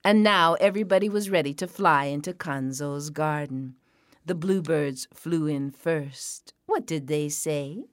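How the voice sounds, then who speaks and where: Playful slow-telling woman storyteller. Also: low-pitched, dry recording. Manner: playful, repeats words for rhythm, acts out sounds. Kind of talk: animated folk tale telling for families.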